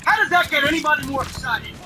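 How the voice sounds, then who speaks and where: In a rough recording, a man with an extremely high, steady voice rants fast through exasperated, sarcastic wrestling commentary, swearing heavily. He's off-mic, with music playing behind him.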